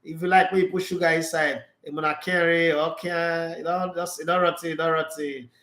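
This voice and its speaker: Hosting a lively football commentary chat, this man speaks with a Nigerian Pidgin English accent, mixing Pidgin and English at will and laughing as he goes. He talks at a moderate pace in a slightly high voice for a man, inside a room with a clear echo.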